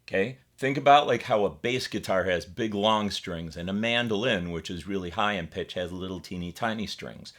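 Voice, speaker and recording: A man from the United States talks through a guitar setup in a relaxed, chatty way, explaining each step as he works. His voice sits a little low. Guitar notes ring out now and then behind his speech. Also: moderate pace, few pauses. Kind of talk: casual tutorial demonstration.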